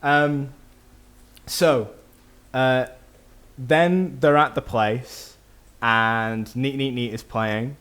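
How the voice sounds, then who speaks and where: Bloke on a movie podcast, middling pitch, rattling off the plot with loads of likes and ums. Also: male voice, steady tone, a bit bright, smooth. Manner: recaps the plot in quick bursts with fillers and laughs. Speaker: podcast host. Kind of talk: casual film podcast chat.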